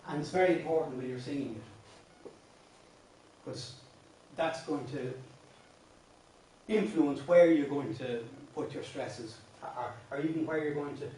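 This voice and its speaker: A man's voice: on the high side, a little slow, long pauses, mellow, far from the mic. An Irish man teaching a song workshop, explaining verse patterns patiently with many restarts and breaking into sung lines. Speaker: singing teacher. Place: classroom. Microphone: distant room mic. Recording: very echoey classroom, voice off-mic.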